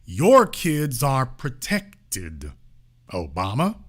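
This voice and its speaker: A man's voice: mid-range voice, huge pitch swings, drawn-out words, fairly bright tone. A man hosting a political commentary show, delivering an emphatic, sarcastic, colloquial monologue. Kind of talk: opinionated monologue.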